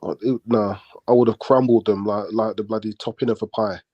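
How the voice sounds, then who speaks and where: A man's voice: lowish voice, steady tone, fairly quick, dry recording, muffled recording. A man in casual boxing chat, talking bluntly and boastfully.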